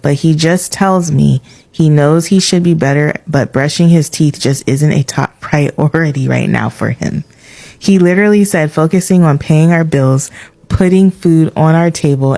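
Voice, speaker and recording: A woman hosting a podcast who reads a listener's letter aloud, adding quick asides and laughing now and then. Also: sits low, a little mellow.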